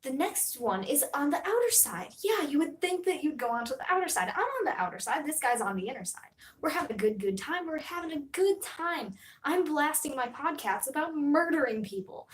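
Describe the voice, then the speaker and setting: A young woman streamer chatting casually to her viewers. Her voice sits a little high, and she tells her story with lively swings between loud outbursts and quiet asides. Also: a little fast, hardly any pauses, low-quality recording. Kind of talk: casual live-stream chat.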